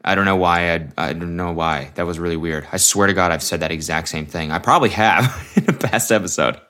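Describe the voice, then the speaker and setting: Chill young guy with a low voice rambling solo on his podcast, jokey and self-mocking. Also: brisk, pushed and bright. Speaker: podcast host. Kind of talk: casual solo podcast chat. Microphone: headphones on, studio mic.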